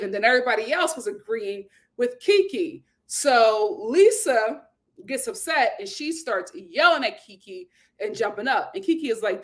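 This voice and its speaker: A high-pitched woman hosts a casual reality TV recap chat. She retells the drama with energy, playing out everyone's lines and breaking into laughter. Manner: animated storyteller, acts out quotes, laughs often. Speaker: host.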